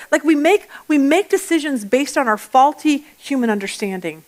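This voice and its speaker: A woman leads a Bible study lesson in a chatty, lively way. She weaves in personal stories, restarts her sentences often, and her voice sits slightly high for a woman. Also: fairly quick, hardly any pauses. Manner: acts out everyday voices mid-talk.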